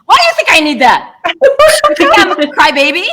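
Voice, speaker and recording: A woman's voice: high voice, moderate pace, recorded from a distance, heavy background noise, pitched above the performer's own voice, close to an everyday voice. Woman mimicking a blunt, feisty old grandma. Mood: indignant. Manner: gruff, scolding, loud.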